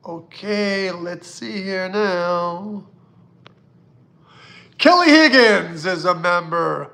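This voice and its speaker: Blunt, chatty man with a high, gravelly voice. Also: animated, drawn-out words, pauses often, bright, forceful tone. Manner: blunt, chatty, swears casually, reads out questions aloud. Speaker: psychic hosting a live Q&A. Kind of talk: casual live-stream chat reading viewer questions.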